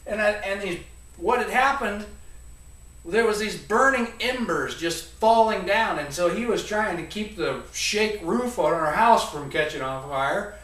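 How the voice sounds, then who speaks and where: A man around forty, telling a comic story to an audience in a rambling, animated way. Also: high-pitched, a little slow. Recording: echoey room, voice from a distance.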